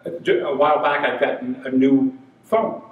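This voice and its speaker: A man in his sixties telling humorous stories in an animated way, acting out the voices he quotes. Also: medium pitch, moderate pace, phone-quality sound. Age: 60s. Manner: animated, acts out quoted voices, laughs through punchlines. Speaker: humor speaker. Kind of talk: humorous storytelling talk. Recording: echoey room, voice from a distance, noisy.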